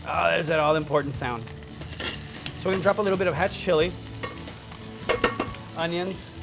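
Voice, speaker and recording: A man's voice: on the high side, normal speed, gravelly, very noisy. A man hosting a cooking show, chatting upbeat to the viewer as he cooks. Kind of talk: casual cooking demonstration. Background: sizzling pan and background music.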